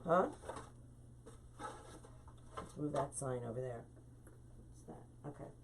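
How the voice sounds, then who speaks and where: A woman's voice: a bass voice, slow pace, vocal fry, a little hiss or hum. A talkative woman hosting a live-stream wreath-making tutorial, chatting with viewers and greeting them by name.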